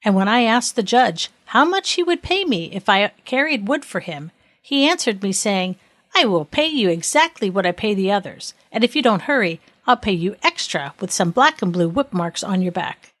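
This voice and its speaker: A woman voicing a stern, just king who commands and questions forcefully in a read-aloud story. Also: mid-range voice, sing-song, moderate pace, no echo.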